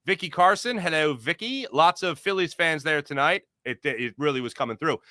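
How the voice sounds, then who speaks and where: A man hosting a live postgame sports podcast, reading viewer comments in an energetic, rambling, jokey way. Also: fairly high pitch, moderate pace, no echo, clean studio sound.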